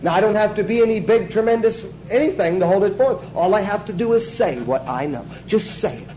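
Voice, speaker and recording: A man's voice: high voice, animated, fairly quick, few pauses, dark tone, slight background noise, rough recording. A man teaching a Bible class in sermon style, emphatic, asking the class questions and answering them himself.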